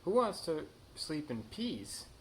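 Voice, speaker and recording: A man's voice: a little high, very animated, slow, slight background noise, voice pushed up, full character voice, rough recording. A man voicing a playful, boastful kitten boy with a bouncy, sing-song delivery and mock Spanish flair. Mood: excited.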